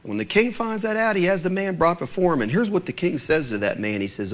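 A man's voice: quick pace, hardly any pauses. A man preaching a sermon, acting out the people in the story as he goes. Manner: animated preaching, acting out voices with swings of pitch. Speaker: pastor.

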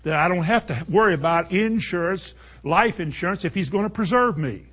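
Preacher guy, kinda husky and a bit high, firing questions at the church. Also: expressive, a little fast, fairly bright tone. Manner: emphatic, rhetorical questions to the congregation. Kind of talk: sermon.

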